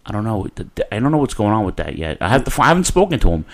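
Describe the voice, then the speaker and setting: A man, talking in a rambling, animated way. He swears freely as he hosts a casual podcast chat. He sounds like he is in his thirties. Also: lowish voice, rapid-fire. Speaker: podcast host.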